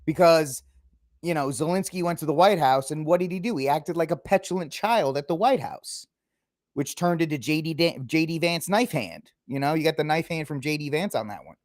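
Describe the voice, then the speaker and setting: Podcast host, male, fairly high voice, opinionated and mocking, dry close sound. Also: animated, moderate pace, no echo. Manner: opinionated, mocking, acts out impressions of politicians. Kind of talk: casual political commentary.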